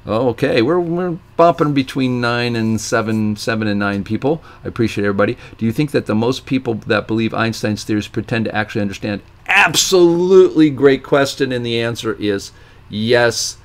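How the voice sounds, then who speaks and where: A middle-aged man from Ohio chats through a live Q&A stream at an ordinary pitch. He rambles and restarts his sentences, then tells stories in which he acts out the other people's voices with big jumps in pitch. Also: fairly quick. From Ohio, USA. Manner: rambling with frequent restarts and fillers. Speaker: live stream host answering viewer questions. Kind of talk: casual live Q&A monologue.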